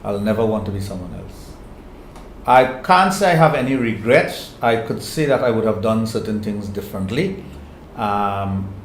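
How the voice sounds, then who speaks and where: Reflective older Trinidadian man, echoey room. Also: mid-range voice. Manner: earnest, repeats phrases while thinking. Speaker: interview guest, sexologist. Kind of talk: reflective interview answers. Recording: echoey room with faint noise.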